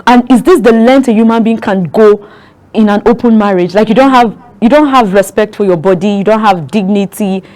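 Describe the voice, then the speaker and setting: A woman's voice: medium pitch, a little fast, a little mellow. Woman, Nigerian English, co-host, casual news chat, emphatic, exclamatory.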